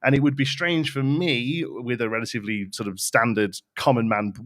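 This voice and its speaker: A man's voice: medium pitch, fairly even intonation, normal speed, a bit bright, no echo, clean studio sound. A man with an English Midlands accent, co-hosting a casual podcast chat and explaining things at length with lots of fillers and restarts. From England. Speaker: podcast co-host.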